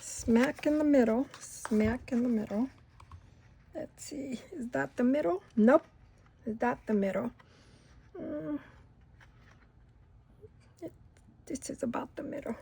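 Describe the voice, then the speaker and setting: A middle-aged woman hosting a crafting video, chatting unhurriedly and rambling through a story while she works, sometimes going soft and near-whispery. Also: high-pitched, slow pace, creaky, pauses often, a little hiss or hum. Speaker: craft channel host. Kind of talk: casual crafting tutorial chat.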